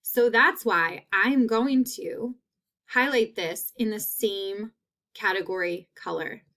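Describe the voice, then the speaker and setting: A woman teacher giving a phonics lesson, stretching out sounds and repeating each word slowly. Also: medium pitch, a bit bright.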